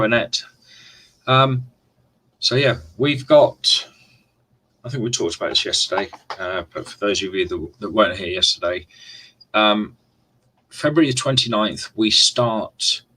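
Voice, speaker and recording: Low husky chatty man. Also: pushed and bright, low-quality recording. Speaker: livestream host. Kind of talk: casual live-stream chat to viewers.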